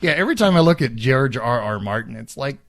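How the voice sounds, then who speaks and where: A man's voice: medium pitch, sing-song, fast talker, fairly bright tone, no room sound, clean studio sound. A man co-hosting a casual podcast, chatting with many fillers and restarts as he reads listener letters. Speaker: podcast co-host.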